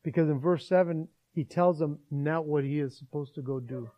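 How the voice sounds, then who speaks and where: A man preaching a sermon, retelling a Bible story as a lively storyteller. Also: fairly high pitch, moderate pace. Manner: animated storyteller acting out scenes.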